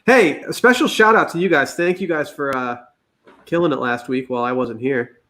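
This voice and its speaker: A man's voice: on the high side, normal speed, sharp tone. A man hosting a live show, chatting casually with dry, wry jokes. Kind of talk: casual banter between friends.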